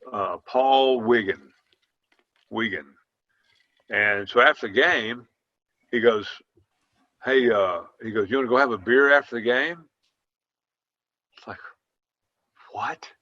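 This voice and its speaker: An older man, a former football player, telling long folksy anecdotes in casual chat over a video call. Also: medium pitch. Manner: folksy, drawn-out anecdotes with quoted dialogue. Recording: dull lo-fi sound.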